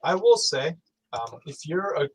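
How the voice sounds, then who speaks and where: A man's voice: a little high, big pitch swings, unhurried. Jokey young man over background noise. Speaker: podcast co-host. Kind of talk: casual crude chat.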